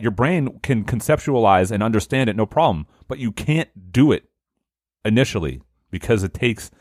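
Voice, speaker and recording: A man's voice: fairly low pitch, expressive, normal speed, no echo, studio quality. A man hosting a casual podcast chat, explaining things in a rambling way with restarts. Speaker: podcast host.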